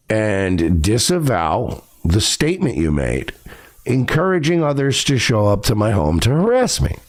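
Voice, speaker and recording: A man's voice: on the low side, very animated, unhurried. A man hosting a podcast, delivering a profane, confrontational ranting monologue. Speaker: podcast host.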